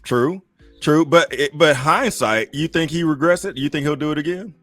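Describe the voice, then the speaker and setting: A man co-hosting a podcast, talking in heated casual chat, animated and repeating himself for emphasis. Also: a little high, moderate pace, dry recording, faint music behind. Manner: animated, repeats phrases, laughs often. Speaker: podcast co-host.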